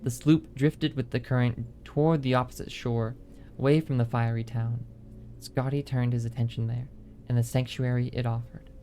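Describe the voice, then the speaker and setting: A man's voice: medium pitch, little pitch movement, normal speed, dark tone, faint music behind. A man streaming a game and reading an in-game book aloud, with small slips, corrections and muttered asides.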